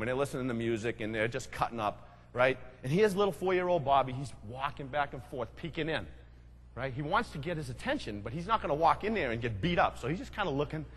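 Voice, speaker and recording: A man gives an animated storytelling talk and keeps checking in with his listeners. His voice is husky, sits a little high, and swings widely in pitch. It carries the long reverb of a hall. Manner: animated storyteller, asks the audience "right?". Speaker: speaker.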